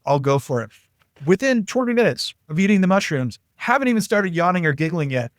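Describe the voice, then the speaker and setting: A fairly high-pitched man chatting as a podcast guest, telling loose, lively anecdotes and slipping into quoted voices. The sound is dry and close, with no room around it. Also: brisk, dry recording. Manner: animated, jumps into quoted voices. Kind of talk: casual anecdotal storytelling.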